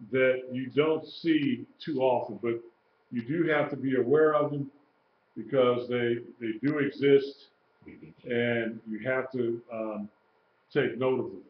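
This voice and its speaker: Slow-talking man teaching, roomy dull sound. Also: mid-range voice. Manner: slow, repeats terms, many fillers and self-corrections. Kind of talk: informal Hebrew lesson. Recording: roomy, dull livestream audio with faint hiss.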